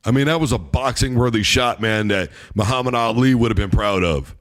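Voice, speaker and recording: A man's voice: medium pitch, brisk, fairly bright tone. A man hosting a sports talk show, giving a heated, emphatic opinion monologue.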